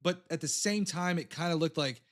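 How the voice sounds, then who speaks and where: Quick-talking joking male host. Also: fairly high pitch. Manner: loose, joking, acts out quotes. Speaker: talk show host. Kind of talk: casual political discussion.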